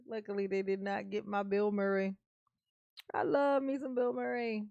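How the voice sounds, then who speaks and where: A woman's voice: medium pitch, fairly even intonation, normal speed, creaky, darkish tone, smooth, no room sound, highs cut off. A woman hosting a reaction video, chatting casually and animatedly, laughing often and swearing freely.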